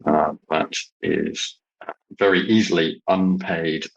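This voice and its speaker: A man from Britain, a podcast guest, talking in a hesitant casual way with many pauses and restarts. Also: low voice, fairly even intonation, vocal fry, dull audio. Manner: hesitant, lots of ums and restarts. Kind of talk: casual chat.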